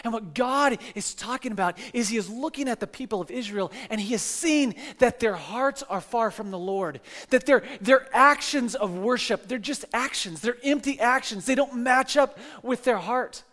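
A man giving a casual sermon, telling scripture stories in a conversational way with animated, acted-out quotes and frequent restarts and asides. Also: very high voice, normal speed, few pauses.

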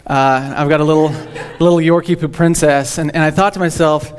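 A man's voice: on the high side, fairly even intonation, fairly quick, clear, resonant tone. A young man, a teaching pastor, giving a humorous, rambling sermon in church with frequent restarts. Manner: jokey, rambling, repeats words when starting sentences.

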